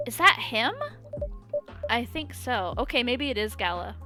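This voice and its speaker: A woman streamer giving excitable let's play commentary, exclaiming often and laughing as she plays. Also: on the high side, measured pace, long pauses. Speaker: gaming streamer. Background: loud game music.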